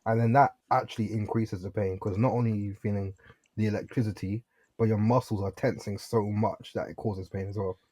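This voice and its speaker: A man's voice: fairly low pitch, steady tone, brisk, mellow, husky, dry recording. A young British man co-hosting a podcast, explaining things in a casual chat with frequent restarts. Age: young adult. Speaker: podcast co-host.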